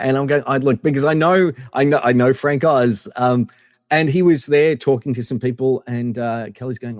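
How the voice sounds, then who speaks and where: A man's voice: medium pitch, brisk, darkish tone, dry recording, studio quality, big-room sound. A man guest telling casual anecdotes in a rambling way, full of fillers and restarts. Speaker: podcast guest.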